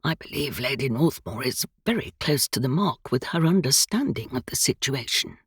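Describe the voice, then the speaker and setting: A woman voicing a reserved, careful older gentleman. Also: rumbling low, lively intonation, normal speed, breathy edge, no echo, studio quality, voice pushed down, full character voice.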